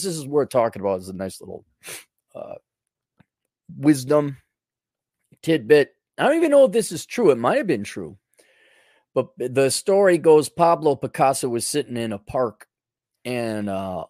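A man's voice: medium pitch, darkish tone, dry recording, clean studio sound. A middle-aged man hosting a rambling, sarcastic monologue. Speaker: host.

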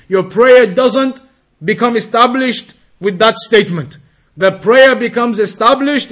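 A man teaching a religious lesson, reading Arabic text quickly and then explaining it slowly, drawing out words to demonstrate pronunciation. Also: very high-pitched, fairly bright tone. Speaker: Islamic teacher.

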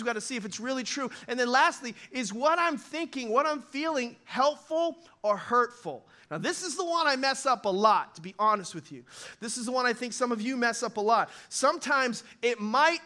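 Bright, high-voiced animated male pastor. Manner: animated, conversational, acts out quick voices. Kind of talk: sermon.

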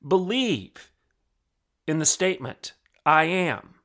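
Slow, gravelly, emphatic preaching man. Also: a little high, big pitch swings, sharp tone. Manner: emphatic, repetitive declarations. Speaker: podcast host.

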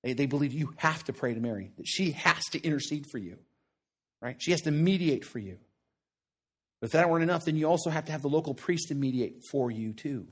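A man's voice: a little high, lively intonation, a little fast, slightly rough. A man preaching a sermon in a conversational, earnest way, often checking in with "right?" and repeating short phrases for emphasis.

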